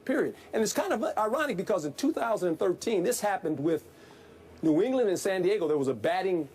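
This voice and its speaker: Lively high-voiced former coach. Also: male voice, quick pace, breathy edge. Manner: animated, folksy, plain-spoken. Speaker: football analyst, former coach. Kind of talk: sports debate commentary.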